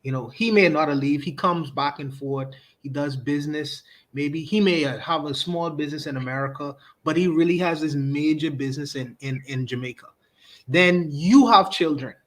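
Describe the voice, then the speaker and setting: A man co-hosting a podcast, laying out hypothetical questions in casual conversation and checking whether he is understood. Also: on the high side. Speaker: podcast co-host. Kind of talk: casual discussion.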